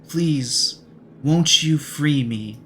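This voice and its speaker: A man voicing a soft, lonely female spirit, trapped in the dark for ages, begging for help in a slow, imploring way. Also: fairly high pitch, slight background noise, pitched above the performer's own voice, full character voice. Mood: pleading.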